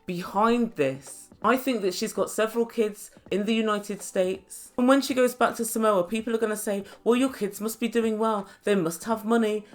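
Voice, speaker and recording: A woman reviewing a reality show, chatty and wry with sarcastic asides. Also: medium pitch. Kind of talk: casual recap commentary.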